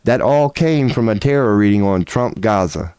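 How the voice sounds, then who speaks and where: A man's voice: normal speed, clear, resonant tone, dry recording, studio quality. A man ranting casually on a livestream, where he also offers tarot readings, profane and rambling, swinging his voice up and down as he gets worked up. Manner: excitable, profane, rambling with big swings in pitch.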